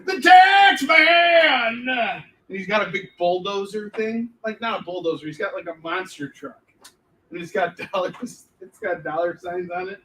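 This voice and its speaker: A man's voice: high-pitched, fairly even intonation, normal speed, fairly bright tone. A man, a comic book artist, rambling and joking through a casual livestream Q&A. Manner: joking, rambling, laughs often. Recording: distant mic, faint background noise.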